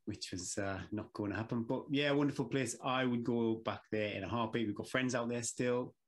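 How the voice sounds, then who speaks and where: A man's voice: mid-range voice, a little fast. Easygoing British man, podcast co-host. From Britain. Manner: relaxed, easygoing, frequent fillers and laughs. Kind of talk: casual podcast banter.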